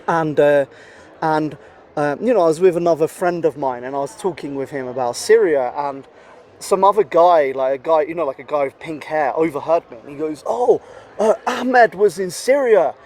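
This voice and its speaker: A man's voice: fairly high pitch, brisk, a little mellow. A man talking as a podcast guest in casual conversation, rambling with many fillers and swearing bluntly. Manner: rambling, heavy with "you know" and "like" fillers.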